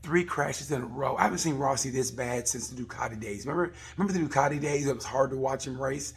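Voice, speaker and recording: A man, a comedian, rambling through a casual comic review of a race, swearing and acting out people in quick asides. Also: medium pitch, vocal fry, slightly rough. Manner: rambling, profane, acts out voices in quick asides.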